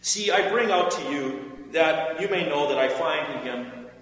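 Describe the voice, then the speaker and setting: A man's voice: fairly high pitch, a little slow, fairly bright tone. A man reading as Pilate, uneasy and pleading. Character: Roman governor, wavering and uneasy. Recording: echoey hall with faint hum.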